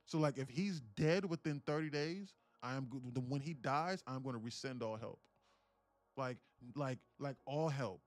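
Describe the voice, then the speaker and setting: A man live-streaming his day trading, telling a story in an animated, profane, rambling way with frequent restarts. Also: mid-range voice, no echo.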